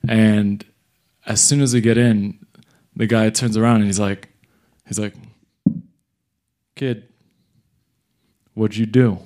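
A young man from New York City telling a comic story live, animated and jumping into voices of the people in it. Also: on the low side, a little slow, long pauses. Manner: animated, acts out other people's lines.

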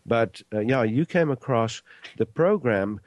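A man's voice: medium pitch, lively intonation, measured pace, darkish tone, dry recording, dull audio. A man hosting a health radio talk show in casual, rambling speech with many fillers.

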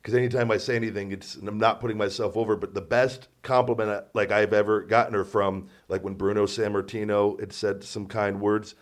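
A man's voice: fairly low pitch, level tone, fairly quick, few pauses. A man hosting a podcast in casual chat, sarcastic and self-deprecating, rambling with many restarts. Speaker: podcast host.

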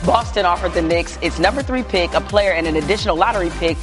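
A woman's voice: fairly low pitch, fast talker, music in the background. A woman co-hosting a sports talk show, sarcastic and exasperated as she argues. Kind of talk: lively studio sports debate.

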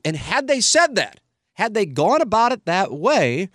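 A man's voice: sits high, wildly swooping pitch, measured pace, a bit bright, no room sound, clean studio sound. A middle-aged man hosting a podcast, talking bluntly and emphatically and swearing freely. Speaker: podcast host. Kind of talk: casual opinionated podcast talk.

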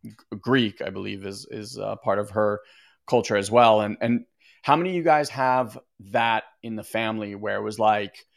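A man's voice: lowish voice, moderate pace, vocal fry. A man speaking casually on a live stream as a meditation teacher, rambling and reading out viewer comments. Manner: rambling and conversational, often restarting sentences. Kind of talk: casual livestream talk to viewers.

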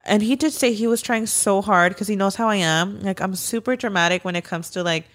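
A woman's voice: medium pitch, a little fast. A young woman co-hosting a podcast, chatting casually. She tells her story with animation and swears freely. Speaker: podcast co-host. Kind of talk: casual chat.

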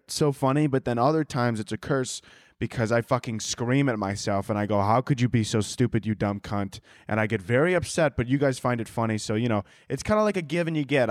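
A man's voice: medium pitch, no room sound, studio quality. Rambling, self-mocking young man podcaster. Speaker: podcast host. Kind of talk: solo comedic podcast rant. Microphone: handheld microphone.

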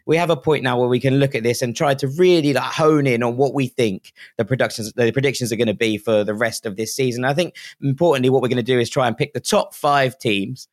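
A man's voice: mid-range voice, fast, hardly any pauses, no room sound. A man hosting a football podcast in an upbeat, conversational way. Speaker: podcast host.

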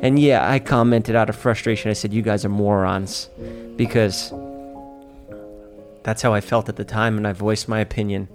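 A man from Staten Island, delivering an animated, profane, mock-outraged monologue as a podcast host, with faint music behind him. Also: lowish voice, normal speed. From Staten Island, New York. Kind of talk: ranting comedic monologue. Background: faint sad music.

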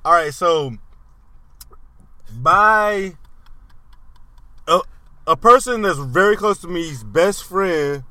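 A man's voice: sits high, animated, slow pace, pauses often, pushed and bright, no room sound. A man in his thirties telling stories in loose, profane podcast chat, laughing as he goes. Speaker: podcast co-host. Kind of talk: casual chat.

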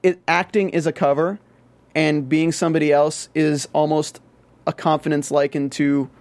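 Chatty Southern man, fairly high voice. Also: little pitch movement, normal speed, a little mellow, dry recording. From American South. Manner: rambling, many restarts and "like" fillers. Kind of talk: casual TV recap chat.

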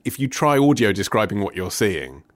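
A man's voice: lowish voice, big pitch swings, normal speed, no echo. A man hosting a podcast, chatting casually with dry, teasing, sarcastic asides. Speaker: podcast host. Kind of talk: casual comedic chat.

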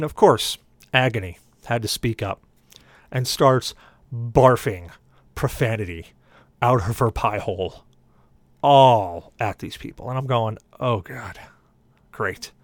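A man's voice: mid-range voice, measured pace, no room sound. A man on a podcast telling a long story in casual talk, acting out the voices of the people in it. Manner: animated, acts out quoted voices. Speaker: podcast co-host.

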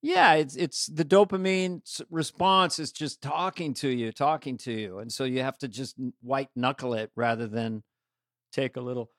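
A man's voice: mid-range voice, moderate pace, a bit bright, no room sound, studio quality. A man co-hosting a podcast in casual comedic chat, riffing and doing silly voices over a video call. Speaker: podcast co-host.

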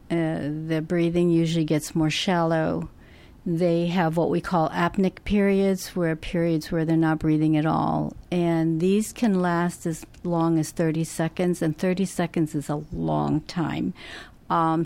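A middle-aged woman, a hospice nurse, answering interview questions in a slow, gentle, thoughtful way with many restarts. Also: lowish voice, steady tone, vocal fry.

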